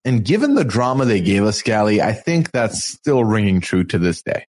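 A man's voice: fairly low pitch, big pitch swings, moderate pace, darkish tone. A man co-hosting a podcast in casual chat, chatty and self-deprecating. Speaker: podcast co-host.

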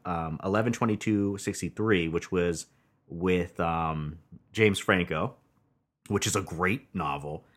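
A man co-hosting a casual podcast, chatty and profane, pausing with many ums as he talks. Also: low-pitched. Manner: laughs often, profane, chatty with hesitations. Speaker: podcast co-host. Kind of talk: casual movie review chat.

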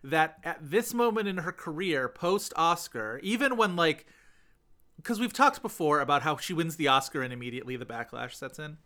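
A male podcast co-host rambling chattily about films and stars, full of filler words. His voice sits a bit high for a man and rings bright. He circles back to his points as he goes. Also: very animated, moderate pace. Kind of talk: casual film podcast chat.

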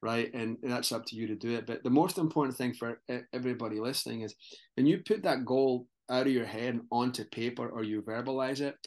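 Scottish man, medium pitch, animated, motivational, restarts often. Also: brisk. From Scotland. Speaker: fitness coach and guest. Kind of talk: casual podcast conversation.

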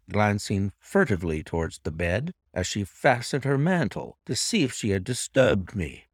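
A man with a low voice narrates a classic tale in the first person, his pitch rising and falling with each turn of the story. The recording is dry and close, with no room sound at all. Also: big pitch swings, moderate pace, few pauses, no echo. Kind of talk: dramatic audiobook narration.

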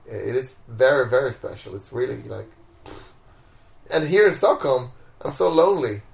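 A man from Sweden chats at home about his travels, laid-back and quick to laugh as he acts out the people in his stories. His voice has a gravelly edge. The room echoes noticeably around him. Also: mid-range voice, animated. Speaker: interviewee, street performer. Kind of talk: casual storytelling interview. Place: home, indoors.

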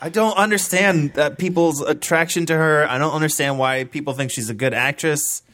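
A man's voice: a little high, normal speed, fairly bright tone, no echo. A man co-hosting a podcast who bluntly tears a film apart in casual chat, swearing and scoffing. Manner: blunt, scornful, profane. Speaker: podcast co-host. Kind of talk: casual movie discussion.

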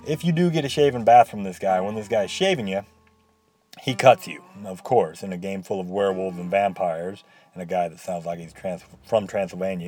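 Wry, mellow-voiced man reviewing a game. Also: deep voice. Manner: rambling and wry, with sarcastic asides. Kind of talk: casual game commentary.

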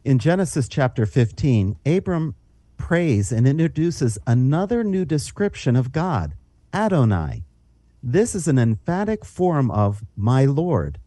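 A man's voice: medium pitch, no room sound. A man reading Bible passages aloud and explaining them in a teaching podcast. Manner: reads scripture aloud with lively rises and falls.

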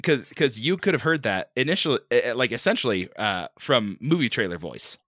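A man's voice: medium pitch, very animated, a little fast, a bit bright, no room sound, clean studio sound. A man who produces a podcast and plays along in a casual game, teasing the host and laughing. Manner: teasing, laughs, rambles through restarts.

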